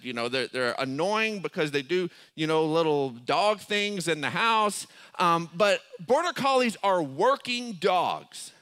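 A man with a high, bright, ringing voice preaches a sermon. He tells stories in a lively way, acts out quoted lines, and now and then pushes his voice up to a shout. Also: smooth. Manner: storytelling with lively acted quotes and rising, shouting peaks. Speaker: pastor.

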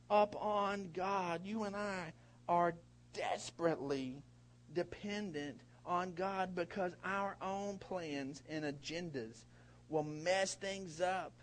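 A middle-aged man preaching a sermon in a folksy way, with big swings in pitch and loudness and many repeated words. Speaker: pastor.

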